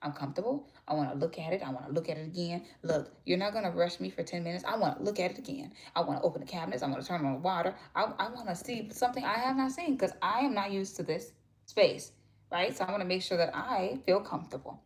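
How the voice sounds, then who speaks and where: A young woman talks to her viewers in a loose, rambling way. Her voice sits a little low for a woman. She jumps between thoughts, restarts, and drops her voice now and then. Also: fast. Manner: chatty, rambling, animated storytelling. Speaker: vlogger. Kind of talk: casual chat to viewers.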